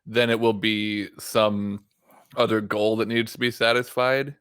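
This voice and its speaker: A man chatting casually as a player at a tabletop game, joking around in a lively way. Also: fairly low pitch, unhurried, clear, resonant tone, dry recording, clean studio sound.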